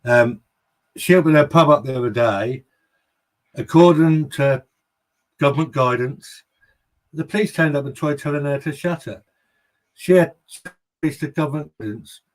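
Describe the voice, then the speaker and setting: A man co-hosting a podcast, talking in a relaxed, conversational way. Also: on the high side, unhurried, long pauses. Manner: relaxed, conversational, keeps asking "do you know what I mean". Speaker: podcast co-host. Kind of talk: casual podcast chat.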